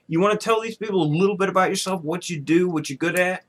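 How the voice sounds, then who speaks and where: A man's voice: high voice, fast talker, slight background noise. A man hosting a podcast in casual chat, joking and teasing his guest and laughing often. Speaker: podcast host.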